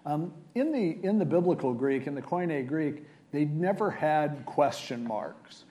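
A man's voice: on the high side, expressive, unhurried, dark tone. A male preacher giving a sermon, retelling scripture in a casual, conversational way.

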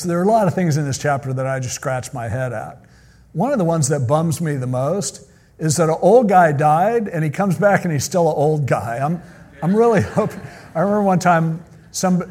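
A man's voice: a little high, expressive, normal speed, a little mellow. A male pastor teaching from the Bible in a casual, joking way with chatty asides.

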